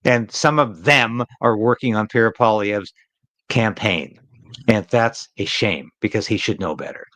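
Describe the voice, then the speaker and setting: A man's voice: on the low side, a bit bright, no echo, poor audio. Emphatic man hosting live political commentary. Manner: emphatic, repetitive, opinionated.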